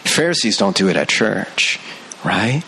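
A young male pastor giving a sermon in an animated, conversational way, laughing between points and talking straight to the congregation. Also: lowish voice, a little slow, creaky, slight background noise.

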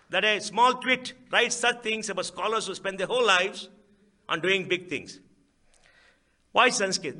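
A man's voice: high-pitched, sharp tone. A man with an Indian accent giving a public speech at a book event, emphatic, asking rhetorical questions and repeating key phrases. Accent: Indian English.

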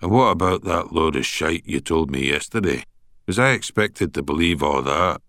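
A man's voice: rumbling low, moderate pace, a bit bright, dry recording, clean studio sound. A man voicing a blunt, skeptical male prisoner with a thick Glaswegian accent, asking hard questions. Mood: blunt, probing. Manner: blunt, interrogating.

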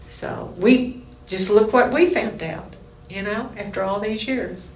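A woman's voice: medium pitch, measured pace, a little mellow, slight background noise. A woman with a Texan accent, telling a rambling personal story in a casual interview. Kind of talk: casual oral history chat. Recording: echoey room.

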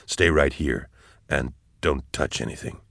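A man voicing a calm, hardened soldier who speaks low, hushed and terse. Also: measured pace, creaky, no echo, studio quality, heavily acted. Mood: steady.

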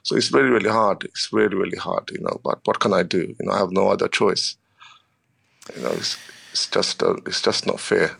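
Low gravelly halting working father. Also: fairly even intonation, a bit bright. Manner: halting, repeats words, many "you know" fillers. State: emotional, strained. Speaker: interviewee, working parent. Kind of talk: emotional radio interview.

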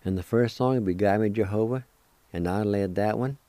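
A man from Oklahoma giving a recorded language lesson, slowly spelling out words and repeating each one with encouragement. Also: on the low side, warm tone, dry recording. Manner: slow, careful, spells words letter by letter and repeats them. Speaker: language teacher and show host.

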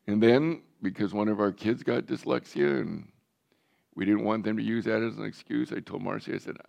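A man's voice: on the low side, moderate pace, gravelly, darkish tone. A man in his seventies, a pastor, telling his own story in a candid, joking sermon. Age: 70s. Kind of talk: personal testimony sermon.

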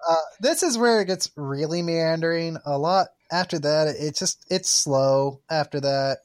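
A man's voice: fairly high pitch, unhurried. A man co-hosting a podcast, recapping a film plot in a rambling, filler-heavy casual chat. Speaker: podcast co-host reviewing a film.

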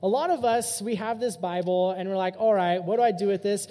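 Young man, youth preacher, high voice, mellow tone, long hall reverb. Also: a little fast. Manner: casual, animated storytelling. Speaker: youth pastor. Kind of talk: youth sermon.

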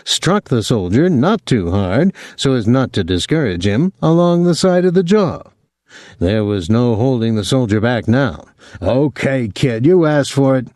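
Expressive male audiobook narrator. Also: mid-range voice, no room sound, clean studio sound. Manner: expressive, voices each character. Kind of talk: scripted novel narration.

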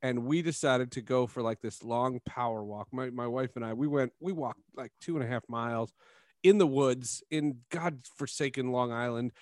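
A man hosting a sports podcast, telling stories in a casual, animated way and laughing often. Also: medium pitch, moderate pace, no echo, studio quality. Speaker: podcast host.

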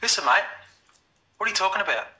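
A flustered Australian bar owner pleading with a gunman. His voice is very high and swings up and down, and it rings out in an echoey film recording. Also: expressive, fast talker, pushed and bright, exaggerated voice.

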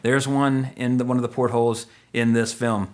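A man's voice: medium pitch, little pitch movement, moderate pace. A man hosting a podcast in casual chat, rambling and joking, often correcting himself mid-sentence. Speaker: podcast host.

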